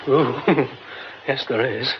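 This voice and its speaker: An actor playing a flustered young theatre director, muttering to himself in a radio drama. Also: male voice, medium pitch, slow pace, muffled recording, noisy background, close to an everyday voice. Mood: musing. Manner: muttering to himself, then panicked.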